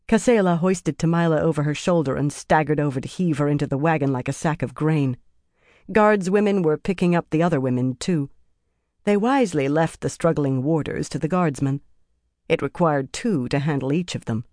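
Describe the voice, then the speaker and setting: Audiobook narrator, measured and even, dry close recording, mid pitch. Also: no room sound. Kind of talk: scripted fantasy narration.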